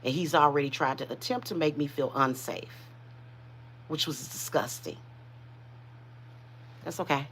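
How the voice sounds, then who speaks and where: A woman's voice: deep voice, a little slow, pauses often, a bit bright, a little hiss or hum. A woman who hosts a spiritual reading channel, speaking in casual, emotional livestream chat with many restarts. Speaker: spiritual reader and channel host.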